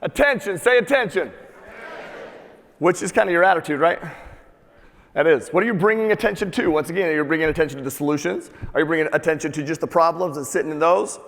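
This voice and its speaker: Energetic, profane motivational speaker in a hall. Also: male voice, on the high side, fast talker, vocal fry. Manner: energetic, profane, calls for audience repeats. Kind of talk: live motivational talk to an audience. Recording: long hall reverb.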